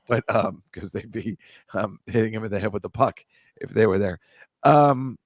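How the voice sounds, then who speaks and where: A man's voice: medium pitch, no echo. A man hosting a live stream, chatting casually with viewers and rambling through a story, cutting himself off and adding joking asides. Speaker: host reading viewer comments.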